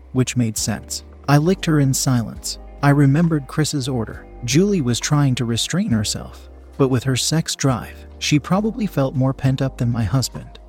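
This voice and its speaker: Casting: male storyteller, mid-range pitch, steady measured reading, faint music behind. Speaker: narrator. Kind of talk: reading an erotic story aloud.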